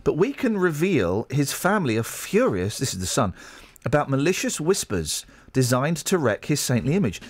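Joking, animated male radio host. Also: medium pitch, normal speed, hardly any pauses, slightly rough. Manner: joking, rambling, reads news aloud with asides. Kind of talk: casual radio banter. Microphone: studio microphone.

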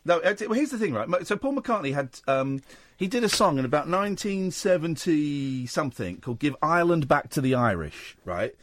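A man hosting a late-night radio phone-in, teasing and stumbling over quick restarts. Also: on the high side, expressive, no room sound. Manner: playful, teasing, stammering restarts. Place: radio studio. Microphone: studio microphone.

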